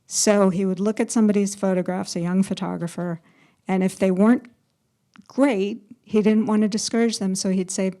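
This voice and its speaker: A woman's voice: mid-range voice, steady tone, normal speed, dark tone. A woman photographer telling stories as a panel guest, chatty, laughing often and acting out quotes. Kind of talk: storytelling on a panel.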